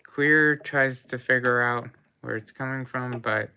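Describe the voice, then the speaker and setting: Very low-voiced, slow woman game master. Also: steady tone, bright, forceful tone, slight background noise. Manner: halting, with frequent pauses and restarts. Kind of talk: narrating a tabletop game.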